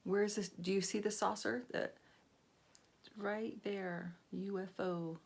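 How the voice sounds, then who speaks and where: An older woman reading a story aloud to children, gently pausing to ask them questions. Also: mid-range voice, steady tone, gravelly, breathy edge. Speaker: storybook reader.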